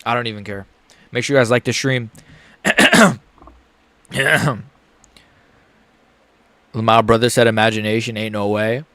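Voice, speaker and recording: A nervous young man on a live stream reacting to a fight, rambling to chat, muttering low and then yelping high. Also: steady tone, takes it slowly, long pauses, sharp tone, dry recording.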